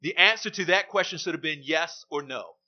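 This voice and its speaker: A man's voice: on the high side, a little fast. A man preaching a sermon, emphatic and repeating his key phrases for weight. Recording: dull lo-fi recording.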